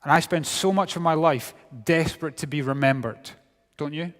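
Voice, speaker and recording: A middle-aged Scottish man giving a sermon to young people, wry and humorous, dropping to quiet for serious points. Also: a little high, normal speed. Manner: humorous, wry storytelling with sudden drops to quiet. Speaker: youth speaker. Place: large hall. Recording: long hall reverb.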